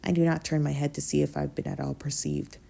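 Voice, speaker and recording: A woman narrating a first-person novella as an audiobook reader, in a subdued, quiet delivery that sometimes drops to a whisper. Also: sits low, little pitch movement, fast, creaky.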